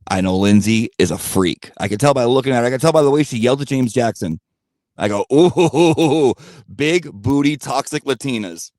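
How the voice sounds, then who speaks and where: A man's voice: medium pitch, fast talker, darkish tone, no echo, studio quality. A man telling a blunt, profane gossip story in a rambling rant-style monologue. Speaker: channel host.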